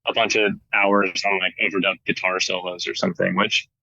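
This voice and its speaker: A guest guitarist in his thirties with an American accent rambles through a casual interview, full of "like" and restarts. He speaks fairly quickly in a low, level, creaky voice that sounds pushed and bright, and the recording is muffled.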